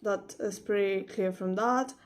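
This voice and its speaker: A woman teaching a casual online language lesson, explaining slowly with fillers and modeling phrases with rising question intonation. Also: mid-range voice, fairly even intonation.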